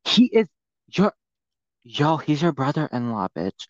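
A man's voice: on the high side, very animated, unhurried, no echo, dull audio. A man co-hosting a casual commentary chat, ranting with lots of profanity and rising anger.

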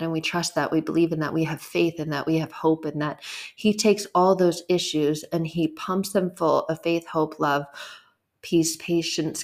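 A woman hosting a faith podcast, speaking earnestly and conversationally with emphatic repetition. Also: low voice. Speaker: podcast host. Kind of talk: faith talk monologue.

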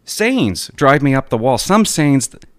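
Man, vlogger, casual rant, exasperated, animated, dry close sound. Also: mid-range voice, a little slow, no echo. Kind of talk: casual ranting monologue.

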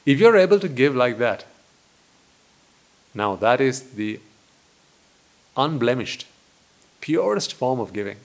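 A man, a Buddhist monk, giving a dharma talk in a deliberate way, full of rhetorical questions and repetition. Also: medium pitch, big pitch swings.

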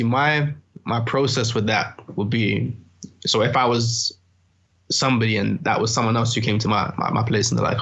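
A man in casual chat, talking in a measured, musing way with some swearing. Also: medium pitch, steady tone, vocal fry, fairly bright tone, muffled recording.

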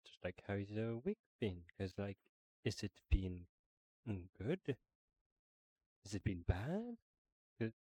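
A man in casual chat making dry jokes, soft-spoken and joking about himself. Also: fairly low pitch, big pitch swings, slow, pauses often, husky. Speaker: podcast co-host.

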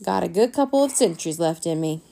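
A woman voicing an ancient, doddering grandfather vampire with a very slow, drawn-out delivery. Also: fairly low pitch, animated, creaky, warm tone. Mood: boastful.

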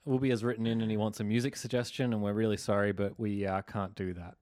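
A man's voice: fairly low pitch, flat delivery, fast, a little mellow, no room sound. A man with an Australian accent co-hosting a podcast, tossing in dry joking asides during casual chat. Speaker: podcast co-host.

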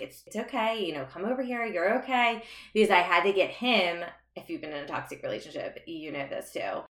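Young woman guest telling her story, lowish voice, earnest, echoey room. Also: fairly bright tone. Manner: earnest, reflective, laughs between remarks. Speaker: podcast guest. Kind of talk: candid personal storytelling. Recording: roomy echo.

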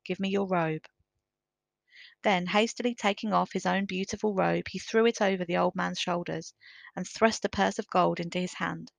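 A woman narrating a storybook in a measured, careful reading. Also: on the low side, fairly even intonation, gravelly, dry recording.

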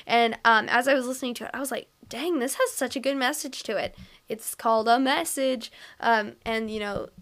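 A woman's voice: fairly high pitch, fairly bright tone. A young woman hosting a casual podcast, chatty and a little self-conscious, with lots of fillers. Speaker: podcast host.

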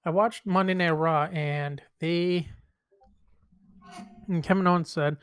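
A man's voice: on the high side, steady tone, slow, long pauses, clear, resonant tone, no room sound. A man hosting a casual wrestling podcast, rambling through retold quotes with frequent restarts. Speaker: podcast host.

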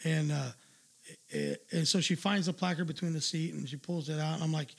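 A man's voice: fairly high pitch, steady tone, fairly quick, vocal fry. A man hosting a livestream, telling a crude story in a profane, ranting casual way. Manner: profane, ranting, loud asides. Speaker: livestream host.

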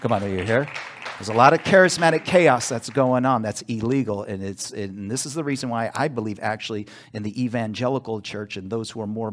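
Man, pastor, emphatic sermon, call-and-response asides, church. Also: on the low side.

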